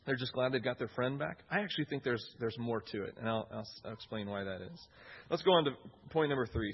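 A man's voice: mid-range voice, expressive, fast talker, husky, muffled recording. A man preaching a sermon in an earnest way, often repeating key phrases for emphasis.

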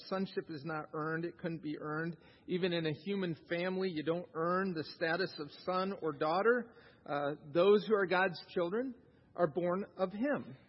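A pastor with a high, breathy-edged voice preaches conversationally in a church sanctuary, asking the congregation questions. The recording sounds dull and reverberant.

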